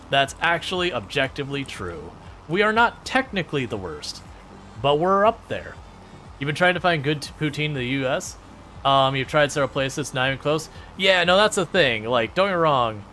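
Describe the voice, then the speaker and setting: Bright-voiced chatty man streaming games. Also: a little high. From Michigan, United States. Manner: chatty, joking, laughs often, many restarts. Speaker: gaming streamer. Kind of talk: casual live-stream chat with viewers.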